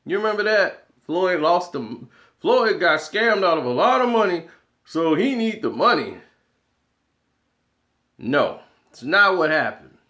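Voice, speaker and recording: Animated man ranting about boxing. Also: on the high side. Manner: animated, argumentative, laughs often. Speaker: boxing commentary channel host. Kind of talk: opinionated casual commentary.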